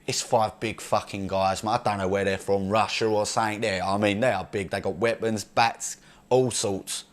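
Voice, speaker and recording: A man's voice: fairly low pitch, steady tone, normal speed, natural voice. A man playing a brash, crude young male chav from Essex, rambling boastfully in an improvised comedy monologue with an Essex accent. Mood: mocking. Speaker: comedy character.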